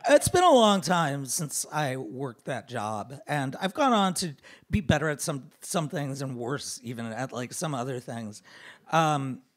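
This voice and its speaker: A man telling a funny personal story on a theater stage, animated and self-deprecating, into a stage microphone. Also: a little high. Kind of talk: live comic storytelling.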